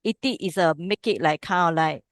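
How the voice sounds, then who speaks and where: A woman's voice: fairly low pitch, normal speed, no echo, clean studio sound. Woman teaching a text lesson patiently. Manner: explains step by step with frequent "okay?" checks. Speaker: Pali teacher. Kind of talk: classroom text study lesson.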